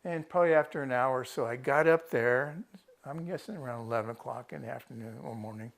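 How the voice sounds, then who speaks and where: Gravelly-voiced man recounting an ordeal. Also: medium pitch, quick pace. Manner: rambling storyteller, restarts and quotes his own thoughts. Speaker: rescued hiker interviewed by a TV reporter. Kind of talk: casual first-person account.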